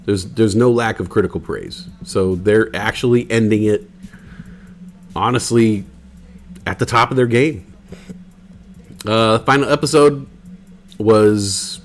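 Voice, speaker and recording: A man's voice: fairly low pitch, a little mellow. Man, live stream host, casual rambling chat, cusses a lot. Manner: rambling, loose, swears freely.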